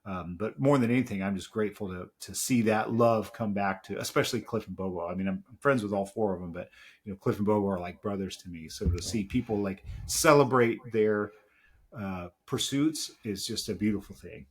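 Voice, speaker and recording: Podcast guest, middle-aged man, husky and low, reflective and heartfelt in his storytelling. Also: fairly quick. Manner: reflective and heartfelt, with many fillers. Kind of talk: casual storytelling chat.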